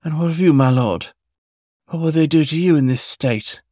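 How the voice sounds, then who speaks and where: A man's voice: on the high side, moderate pace, warm tone, no room sound, studio quality, pitched above the performer's own voice, close to an everyday voice. A man voicing an anxious, tearful young male fox in a storybook reading, eager and pleading.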